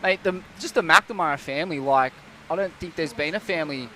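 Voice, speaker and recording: Laid-back bloke rambling. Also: male voice, a little high, fairly quick, bright, forceful tone, slight background noise. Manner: laid-back, rambling, many fillers and restarts, says mate. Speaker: surf commentator. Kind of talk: casual chat. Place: outdoors at a beach event.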